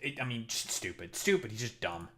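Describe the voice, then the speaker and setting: A man's voice: lowish voice, sing-song, brisk, a bit bright, a little hiss or hum. Man, streamer host, reaction commentary, cursing, exasperated ranting.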